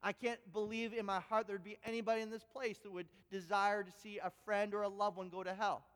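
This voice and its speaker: A middle-aged male pastor from Canada preaching a sermon to his church, telling stories with lively energy and stumbling over repeated words. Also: high-pitched, fairly quick, clear, resonant tone, big-room sound. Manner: animated storytelling with frequent repeated words. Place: church sanctuary.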